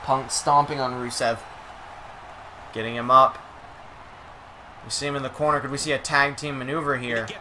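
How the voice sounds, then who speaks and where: Bright-voiced young man calling the action. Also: medium pitch, fairly even intonation, normal speed, pauses often, slight background noise. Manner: chatty, self-correcting, playful asides. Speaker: streamer. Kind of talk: casual play-by-play commentary.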